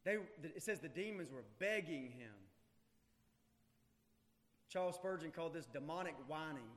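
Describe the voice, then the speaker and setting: A male pastor preaching a sermon in a church, emphatic, swinging from loud urgency to hushed intensity. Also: fairly high pitch, animated, moderate pace. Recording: long hall reverb.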